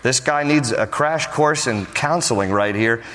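A male pastor preaching a sermon, telling a story in a humorous, animated way. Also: medium pitch, unhurried. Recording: long reverb of a large hall.

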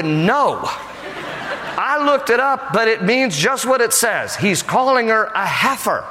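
A male pastor preaching with humor and lively storytelling, his voice slightly higher than most men. His words carry the long reverb of a large hall. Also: slight background noise. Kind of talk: sermon.

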